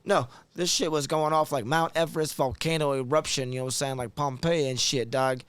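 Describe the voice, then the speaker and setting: Co-host type: man with a higher voice who swears a lot, slangy and animated, recorded dry. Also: fairly quick, smooth, no room sound. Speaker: podcast co-host, cook. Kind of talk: casual chat.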